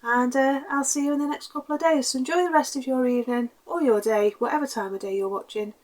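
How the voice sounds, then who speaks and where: A woman's voice: sits high, fast. A middle-aged woman, chatting casually to camera as a crafting vlogger in a rambling, grateful way. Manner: chatty and rambling, self-described waffly; warm and grateful.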